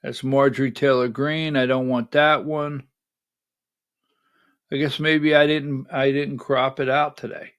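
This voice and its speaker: A middle-aged man hosting a livestreamed political commentary show, talking in an animated, rhetorical way, often asking "right?" and rising to near-shouting when worked up. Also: mid-range voice, a little slow, smooth, no echo. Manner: talks while fumbling with on-screen clips.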